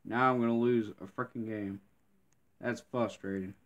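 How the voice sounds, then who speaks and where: A man's voice: on the low side, fairly even intonation, normal speed. A man giving live gameplay commentary, grumbling and complaining in frustration with mild cursing throughout.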